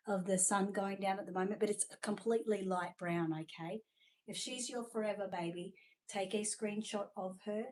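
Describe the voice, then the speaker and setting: A woman's voice: medium pitch, dark tone, rough recording. Australian woman, seller-host, chatty and effusive live showcase delivery. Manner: chatty and gushing, many fillers. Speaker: seller presenting reborn dolls.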